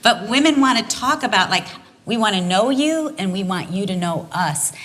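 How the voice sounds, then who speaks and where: Middle-aged woman, bright lively voice, animated and candid, conversational church talk. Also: medium pitch, normal speed. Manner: animated storyteller, candid and expressive. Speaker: marriage speaker at church.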